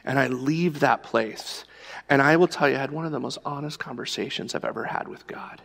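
A man's voice: medium pitch, fairly quick, creaky, a bit bright, long reverb tail. A male pastor preaching a sermon, telling a personal story in a conversational storytelling way.

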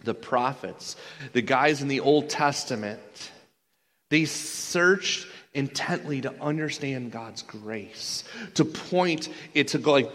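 A man's voice: mid-range voice, animated, takes it slowly, a bit bright. A man preaching a sermon as pastor, earnest and often stumbling over repeated words. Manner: earnest, with frequent stumbling restarts. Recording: long hall reverb.

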